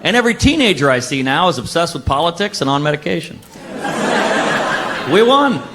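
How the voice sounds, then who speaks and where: A man's voice: on the high side, fairly quick, over a noisy crowd, heavy background noise. A man in his thirties from the United States performing a stand-up comedy set, telling stories and putting on voices for the jokes. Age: 30s. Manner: lively storytelling with put-on voices for jokes.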